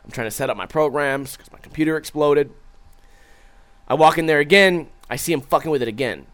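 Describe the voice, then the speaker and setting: A man's voice: a little high, fairly quick. A young man streaming, chatting casually and profanely, acting out his stories and reading viewer comments. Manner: profane, animated, acts out his own stories.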